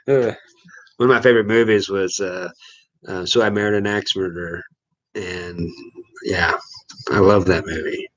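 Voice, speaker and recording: A man from Missouri hosting a casual live stream. His voice sits a little low, and he rambles along easily and chuckles as he reads and answers viewer comments. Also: fairly even intonation, takes it slowly, long pauses, fairly bright tone, lo-fi sound. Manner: laid-back, rambling, chuckles often. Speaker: livestream host.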